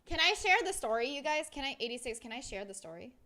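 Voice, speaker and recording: A woman streaming live, her voice pitched high and sounding sharp and bright. She chats casually and tells a rambling, animated story, swearing freely as she goes. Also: fast. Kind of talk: casual livestream chat.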